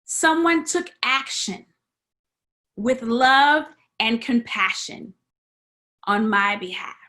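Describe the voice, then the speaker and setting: A woman with a bright, fairly high voice tells a personal story as a sermon in a church. She speaks slowly and dramatically, acting out the other people's voices and now and then dropping to a whisper. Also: animated. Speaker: guest preacher. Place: church sanctuary.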